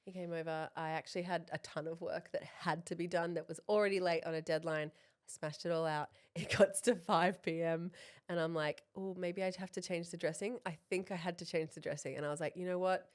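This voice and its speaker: An Australian woman in her thirties, a podcast co-host telling a story in casual chat, animated and swearing freely, acting out the dialogue. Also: on the low side, fairly quick.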